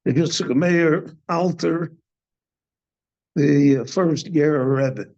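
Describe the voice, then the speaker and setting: An older rabbi teaches a Torah class at a very slow, measured pace. His voice sits somewhat high for a man, and he poses questions before answering them. The synagogue recording sounds dull and lo-fi. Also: a little mellow. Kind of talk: slow, deliberate Torah lecture.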